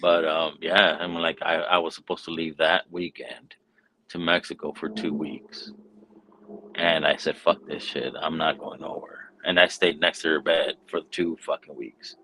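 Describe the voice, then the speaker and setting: A man with a very deep voice talks in a casual, rambling way, dropping profanity constantly as he tells a story. He sounds like a relaxed, unscripted podcast host. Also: a little slow, slight background noise, rough recording. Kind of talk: casual chat.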